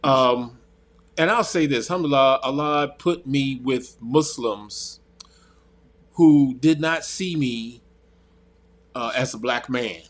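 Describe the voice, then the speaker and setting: A man's voice: medium pitch, takes it slowly, long pauses. Earnest man telling his story. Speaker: guest. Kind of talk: casual personal storytelling.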